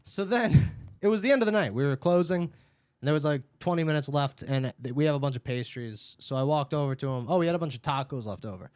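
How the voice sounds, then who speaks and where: A man's voice: fairly high pitch, quick pace, smooth, no echo, studio quality. A man from Boston, a comedian and podcast co-host, telling casual stories from his café job and acting out the customers. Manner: animated storyteller acting out customers' voices. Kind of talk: casual chat, storytelling.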